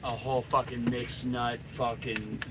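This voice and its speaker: A middle-aged man coaching on dating in a loose, swearing-heavy ramble. His voice sits at an ordinary pitch for a man. Clear road and car noise runs behind him throughout. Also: flat delivery, a little slow. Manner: profane, rambling, blunt. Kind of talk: unscripted coaching rant.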